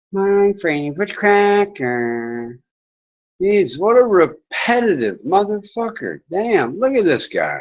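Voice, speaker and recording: A man's voice: sits high, big pitch swings, slow pace, highs cut off. A man hosting a livestream who rants at his chat, swearing and insulting viewers while drinking beer. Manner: abrasive, swearing, yelling at chat. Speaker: livestream host reading chat. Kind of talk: profane livestream rant.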